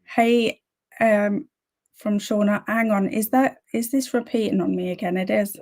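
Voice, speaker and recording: A woman's voice: mid-range voice, steady tone, a little slow, a little mellow. A woman hosting a casual livestream, greeting viewers by name and chatting about her plans. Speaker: livestream host.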